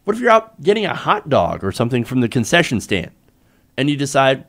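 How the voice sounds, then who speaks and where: A man's voice: medium pitch, wildly swooping pitch, fast. A man hosting a live political commentary show, ranting in an exasperated, sarcastic way with frequent profanity.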